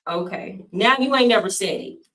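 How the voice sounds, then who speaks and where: A woman's voice: medium pitch, lively intonation, moderate pace, pushed and bright, recorded from a distance. A woman from the United States telling stories in a casual vlog, blunt, slangy and indignant. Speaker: vlogger. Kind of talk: casual storytelling rant. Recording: echoey room, voice a bit off-mic.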